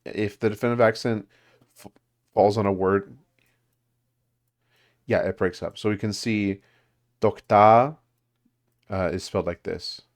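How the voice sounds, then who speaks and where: A man's voice: on the low side, fairly even intonation, a little slow, long pauses. A man leading a language study group, explaining grammar casually with many fillers and restarts. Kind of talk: casual teaching over a call.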